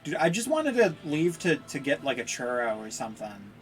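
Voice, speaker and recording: A woman's voice: extremely low pitch, moderate pace, soft background music. A young woman streamer giving playful, laughing commentary while playing a game. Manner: playful, laughing, lively asides.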